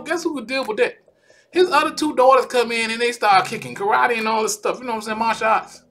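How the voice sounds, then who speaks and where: Fired-up man ranting, high bright voice. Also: fast, a little hiss or hum. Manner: animated, exasperated, repeats "man" and "you know what I'm saying". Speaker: vlogger. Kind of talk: heated casual rant.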